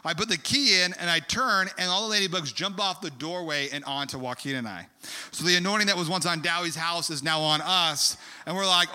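A man from California telling a rambling, animated story in a sermon, full of fillers and asides. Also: on the high side, fairly quick, clean tone. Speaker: preacher. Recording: long hall reverb.

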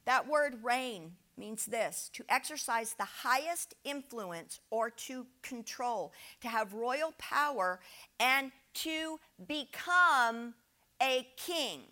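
A woman delivers a sermon in a bright, tense voice pitched a little high. She is animated and emphatic, and she keeps checking in with her listeners through rhetorical questions. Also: slow pace. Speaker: preacher. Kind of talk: sermon with slides.

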